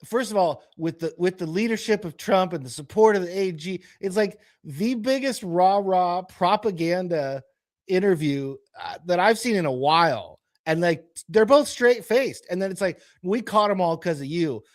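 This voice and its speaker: A man's voice: high-pitched, animated, normal speed. Amused, sarcastic podcast man. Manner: amused, sarcastic, plays the clips. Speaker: podcast co-host. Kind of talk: casual reaction chat.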